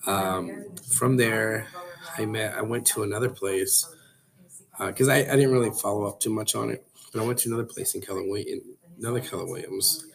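A man telling his life story as a podcast guest, in a relaxed, rambling way full of likes and restarts. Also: lowish voice, a little fast, vocal fry, a crowd in the background. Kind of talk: casual storytelling. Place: coffee shop.

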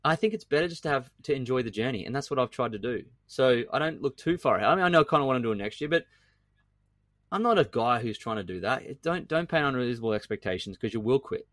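A middle-aged man, a podcast guest talking in an emphatic, animated way and often repeating himself. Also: medium pitch, fast, no echo. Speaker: guest entrepreneur. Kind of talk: podcast conversation.

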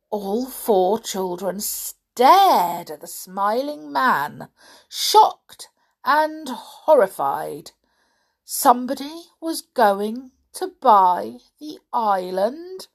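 A woman reading a children's storybook aloud in an expressive, lively narrating way. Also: a little high, very slow, gravelly.

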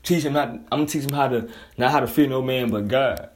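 A man's voice: mid-range voice, brisk. A man delivering a blunt, profane, heated casual monologue as a commentator.

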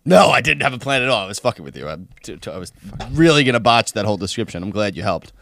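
A man's voice: on the low side, very animated, quick pace, creaky, fairly bright tone, no room sound, studio quality. A man co-hosting a podcast, chiming in with teasing, sarcastic remarks. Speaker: podcast co-host. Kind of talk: casual chat.

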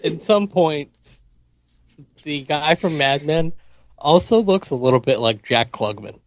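A man's voice: fairly high pitch, expressive, a little slow, muffled recording. A man co-hosting a podcast, chatting casually about a film, hesitant and self-deprecating. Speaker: podcast co-host.

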